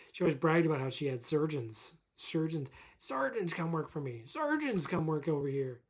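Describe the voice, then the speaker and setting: A man's voice: a little high, a little mellow, husky. A young man from Calgary ranting casually to camera as a vlogger, swearing a lot, laughing often and rambling. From Calgary, Canada.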